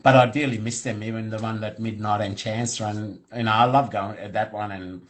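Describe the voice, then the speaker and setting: Australian male host with a lowish voice, friendly and halting, lots of filler words. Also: fairly even intonation. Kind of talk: casual interview chat.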